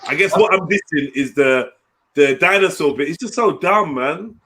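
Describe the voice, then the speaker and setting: This is a young man whose voice sits a little on the high side. He hosts a casual livestream in a slangy, joking way. He swears freely and laughs often as he talks. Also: expressive, normal speed, sharp tone. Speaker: livestream host.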